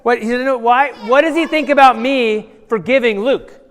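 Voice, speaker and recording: A male pastor telling a Bible story to children in a playful, animated way, asking the kids questions and acting out voices. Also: very high-pitched, normal speed. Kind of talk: lively children's sermon with audience participation. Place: large church hall. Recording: long church hall reverb.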